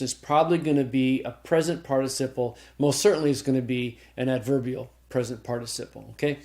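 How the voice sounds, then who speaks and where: Speaking at a medium pitch with a warm tone, a man walks his students through Greek grammar step by step. The recorded lecture is explanatory, full of restarts, and punctuated by "okay?" as he checks in with the class.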